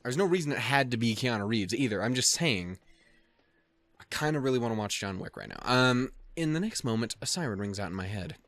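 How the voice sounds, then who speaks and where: A man's voice: mid-range voice, lively intonation, brisk, a bit bright. A young man hosting a let's play, swearing and joking as he reads the game text aloud. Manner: crude, joking, swears a lot. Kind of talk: casual game commentary.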